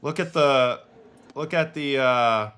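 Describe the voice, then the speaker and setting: A man, a former pitcher, hosting a casual livestream, chatting and reacting to baseball clips and chat questions. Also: takes it slowly, fairly bright tone, clean tone.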